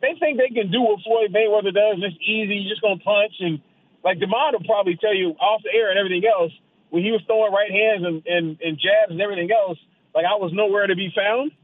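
Rambling caller-in guest, man, high voice, tinny dry phone line. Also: fairly even intonation, fast talker. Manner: rambling, storytelling. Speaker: guest amateur boxer. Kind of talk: casual chat.

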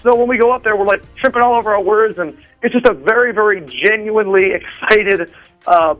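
Brief: high-pitched rambling male guest on a phone call, faint music behind. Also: brisk. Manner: rambling, with many fillers and restarts. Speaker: drummer interviewed as a guest. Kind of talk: excited phone interview chat. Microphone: phone line.

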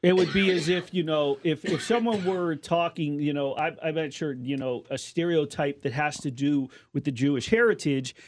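A man's voice: on the high side, normal speed, few pauses. A man co-hosting a sports talk show, explaining his point at length with restarts and a casual, earnest manner. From Colombian and Lebanese heritage. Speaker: sports radio host.

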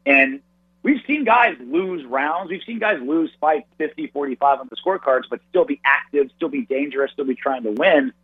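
A man breaking down a fight in a quick, animated, analytical way, often restarting his sentences. His voice comes through husky and narrow, like a phone call, with no room sound around it. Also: on the high side, no echo. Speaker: radio and podcast host, guest analyst. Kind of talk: casual sports analysis.

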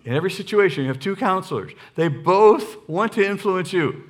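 In a church sanctuary, a middle-aged man with a high, brisk voice preaches as a guest speaker into a stage microphone. He's lively and joking, repeating lines for emphasis.

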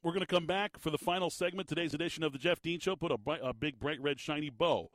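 A man hosting sports talk radio, animated and emphatic, often repeating his words as he gets worked up. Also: a little high, quick pace, no echo. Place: radio studio. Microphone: studio microphone.

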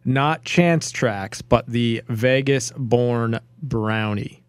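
A man's voice: mid-range voice, extremely slow, clear, resonant tone, no room sound. Teasing man co-hosting a podcast. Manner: dry, teasing, stumbles over words. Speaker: podcast co-host. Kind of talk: casual chat.

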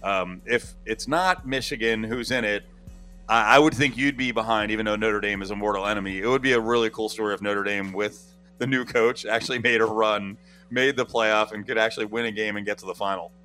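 Fast-talking bright-voiced man. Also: on the low side, soft background music. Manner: fast, rambling, animated. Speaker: sports talk host. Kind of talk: casual sports chat.

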